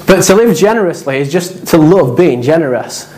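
A man's voice: fairly high pitch, lively intonation, normal speed, darkish tone, rough recording. A man preaching a sermon, earnest and repetitive, with casual asides. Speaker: pastor.

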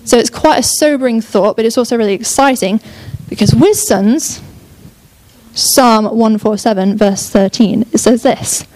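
A woman's voice: on the high side, measured pace, darkish tone. A young woman preaching a sermon in an enthusiastic, chatty way, often breaking off and restarting her thoughts. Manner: enthusiastic, chatty, self-interrupting.

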